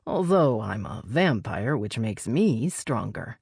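A woman voicing a proud male vampire prince who swears and threatens in a lowered voice. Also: big pitch swings, slow pace, vocal fry, darkish tone, breathy edge, no echo, studio quality, exaggerated voice. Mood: threatening.

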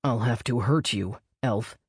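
A woman voicing a proud male vampire prince who swears and threatens in a lowered voice. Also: a little slow, husky, no room sound, clean studio sound, exaggerated voice. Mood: threatening.

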